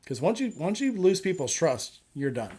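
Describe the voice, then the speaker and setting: A man's voice: high-pitched, sing-song, normal speed, mellow, breathy edge. A man on a live chat show, talking casually and bluntly, with firm opinions and a habit of telling jokes.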